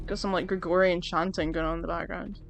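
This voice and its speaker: A woman giving casual, chatty commentary while playing a video game, excitable and swearing freely. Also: lowish voice, fast, vocal fry, music in the background. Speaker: let's play gamer.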